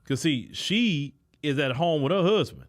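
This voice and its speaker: A man's voice: on the high side, expressive, unhurried. A man hosting his own show, giving an emphatic, lecturing commentary with frequent stalling fillers. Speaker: host. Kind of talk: commentary monologue.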